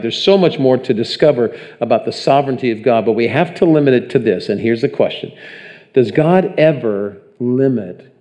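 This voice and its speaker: A man's voice: medium pitch, darkish tone. A man preaching a sermon in a conversational way, often putting questions to the congregation. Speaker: pastor.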